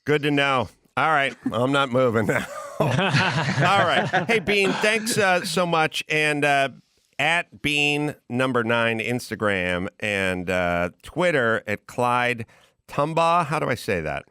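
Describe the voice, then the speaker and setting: A man hosting a podcast, chatting casually and riffing in a rambling, animated way. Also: medium pitch, slow pace, clean tone, no room sound, clean studio sound. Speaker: podcast host. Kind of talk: casual chat.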